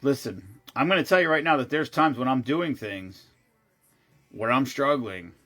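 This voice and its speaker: Guy rambling on a podcast, swears a lot, keeps restarting sentences, mid pitch. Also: lively intonation, normal speed, a bit bright, faint music behind. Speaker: show regular. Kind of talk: casual chat.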